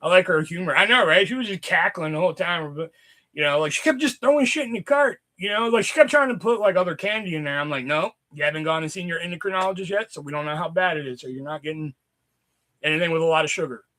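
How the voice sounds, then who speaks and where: A man with a fever chatting casually on a livestream, telling a rambling story full of swearing and loudly acted quotes. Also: fairly high pitch, fast talker. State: sick with a fever. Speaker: streamer.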